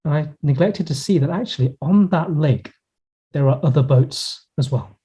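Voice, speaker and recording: A male pastor delivers a sermon in an earnest, reflective manner, stretching out key words for emphasis. His voice sits a little high for a man yet sounds mellow and warm. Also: slightly rough. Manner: earnest, reflective preaching with pauses and slowed emphasis. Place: church in Hong Kong.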